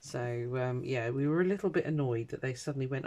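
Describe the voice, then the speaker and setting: Warm and extremely low, this middle-aged British woman's voice moves a little fast with hardly any pauses. She rambles casually at her home craft desk for a vlog, peppering her chat with ums and uhs.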